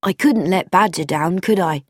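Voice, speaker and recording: A woman's voice: lowish voice, normal speed, dry recording, studio quality, natural voice. A woman voicing an earnest, loyal young man, the son of a vicar, speaking plainly and frankly in a storybook reading. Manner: plain, frank, self-deprecating.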